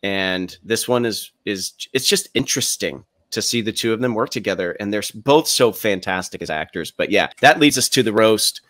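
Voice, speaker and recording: A man's voice: lowish voice, expressive, normal speed, hardly any pauses, fairly bright tone, no room sound. A man co-hosting a podcast, thoughtfully recapping scenes at length in casual chat. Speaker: podcast co-host.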